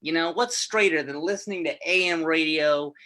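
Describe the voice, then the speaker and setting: A man performs a stand-up set in a bright, slightly high voice. His delivery is halting and self-amused, full of restarts and trailing asides. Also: slight background noise, rough recording. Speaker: stand-up comedian.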